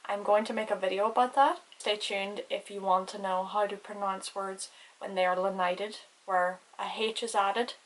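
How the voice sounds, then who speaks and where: A woman's voice: medium pitch, fairly even intonation, moderate pace, low-quality recording. A woman giving a casual language lesson who spells words out and stresses vowels carefully. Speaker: Irish language teacher.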